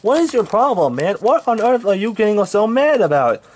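A man's voice: high-pitched, very animated, normal speed, a little mellow, voice pushed up. A man voicing a flustered older railway boss who asks confused, defensive questions.

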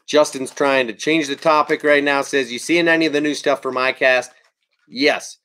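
Relaxed and rambling, this man walks his live stream audience through the baits he likes best on his fishing channel. Frequent ums fill the gaps, he stops to respond to incoming comments, and his voice sits at a typical male middle pitch.

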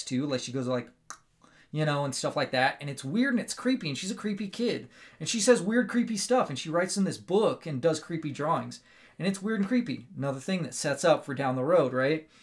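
The host of a casual movie review show, a man with a slightly high voice, retells the story in an animated, rambling way. He leans on plenty of fillers and tag questions.

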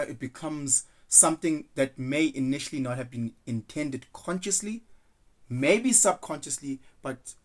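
A young man talking through his thoughts in a casual, rambling monologue, earnest and loose, slipping into quoted voices now and then. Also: a little high. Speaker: vlogger.

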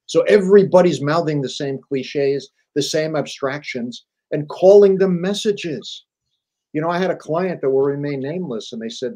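A middle-aged man, a journalist and author, telling business stories in a lively, emphatic way as a guest on an interview show. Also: on the high side, moderate pace, poor audio. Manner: animated storyteller, emphatic repetition. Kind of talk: conversational interview.

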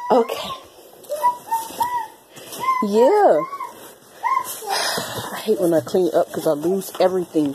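A pregnant young woman vlogging at home in her bedroom, playfully teasing her toddler and slipping into sing-song baby talk. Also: fairly low pitch. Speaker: vlogger and mother. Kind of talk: casual home vlog. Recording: noisy home recording.

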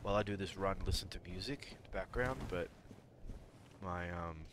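A man's voice: sits low, normal speed, noisy background. A man streaming a game live, chatty and jokey, talking to his chat and taunting enemies. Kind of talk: live gameplay commentary.

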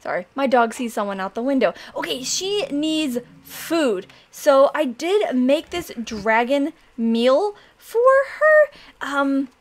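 Bubbly high-voiced young woman gamer. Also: slow. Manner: bubbly, excitable, gasps and squeals with delight. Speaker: gaming channel host. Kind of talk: casual let's-play commentary.

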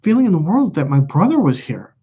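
A man's voice: on the high side, sing-song, brisk, dark tone, breathy edge, voice pushed up, exaggerated voice. A man voicing a frightened young woman who feels she is burning up and possessed. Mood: amazed. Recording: dull lo-fi recording.

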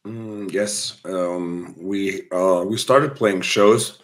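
A hoarse man speaks as a podcast guest. His voice sits a little low and sounds rough from illness. He rambles casually, circling back with ums and restarts. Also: steady tone, extremely slow. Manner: rambling, many fillers and restarts. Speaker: guest musician. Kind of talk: casual interview chat.

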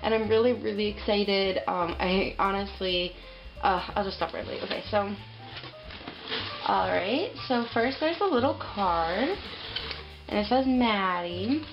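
A woman's voice: medium pitch, unhurried, vocal fry, muffled recording, music in the background. Gushing young woman vlogging a package. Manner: gushing, excitable, many fillers and laughs. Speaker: pet vlogger. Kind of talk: casual unboxing vlog.

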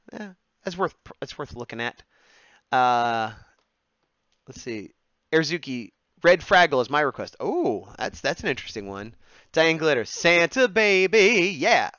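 A man live-streaming while he draws, mumbling and humming to himself, then perking up to talk to his chat. His voice sits at a middling pitch. The mic is dry and a little dull and lo-fi. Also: dry recording. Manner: mutters and hums to himself while drawing, then turns to chat brightly. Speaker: streamer sketching and taking requests.

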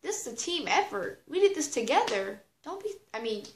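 A woman's voice: high-pitched, big pitch swings, moderate pace. A teenage girl telling a casual storytime, rambling with lots of fillers, slang and swearing. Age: teens. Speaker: vlogger. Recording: roomy echo.

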